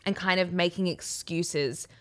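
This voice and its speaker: Candid animated young woman podcaster. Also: fairly low pitch, measured pace. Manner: candid, animated, self-mocking. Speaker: podcast co-host. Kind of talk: casual podcast chat.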